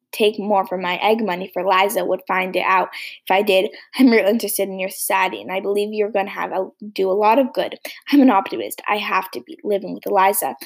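A woman reading the part of a timid but hopeful older spinster, earnest and breathless, with a husky, gravelly voice. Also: mid-range voice.

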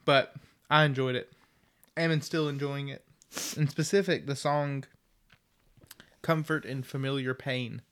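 A man's voice: medium pitch, fairly even intonation, a little slow, pauses often, a bit bright, a little hiss or hum. A man co-hosting a podcast, joking and teasing in casual chat. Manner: jokey, spells words out, teasing. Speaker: podcast co-host.

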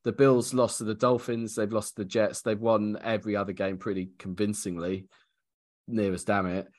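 Low-voiced man breaking down football. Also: little pitch movement, normal speed. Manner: analytical, hesitant, laughs easily. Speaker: podcast co-host. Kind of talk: casual sports chat.

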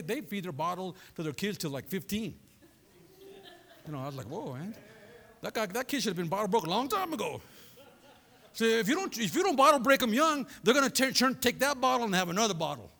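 A man preaching a sermon as pastor, animated and conversational, throwing asides to his congregation. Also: high voice. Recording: long reverb of a large hall.

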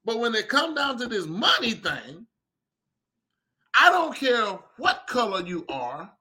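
Animated man with a bright, high voice. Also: takes it slowly. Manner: animated, chatty, talks to listeners directly. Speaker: podcast host and leather craftsman. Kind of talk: casual storytelling monologue.

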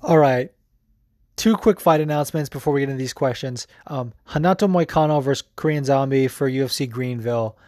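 A man's voice: mid-range voice, a little fast, darkish tone, no echo, studio quality. A young man hosting a podcast, giving casual, profane sports commentary full of fillers. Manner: loose and profane, lots of fillers. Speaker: podcast host.

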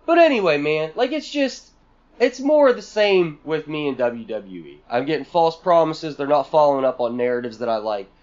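Man, podcast co-host, high voice, profane, exasperated, sarcastic, muffled lo-fi sound. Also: expressive, normal speed, a little mellow. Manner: profane, exasperated ranting with sarcastic mock quotes. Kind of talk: casual podcast rant.

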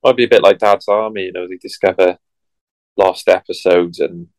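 A man's voice: low voice, fairly even intonation, moderate pace, darkish tone, no room sound. A man co-hosting a podcast in casual chat, throwing in dry one-line quips. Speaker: podcast co-host.

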